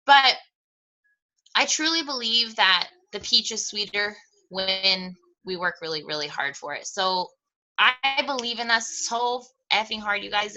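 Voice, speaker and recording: A woman's voice: mid-range voice, sharp tone, poor audio. A woman coach giving a motivational talk to her team, candid and emphatic, with mild swearing and self-deprecating humor.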